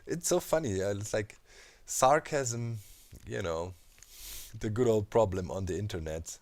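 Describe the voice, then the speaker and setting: A man's voice: on the low side, unhurried, a little mellow. A man casually commenting while he builds in a video game, thinking aloud with many fillers and asides. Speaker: Minecraft let's player.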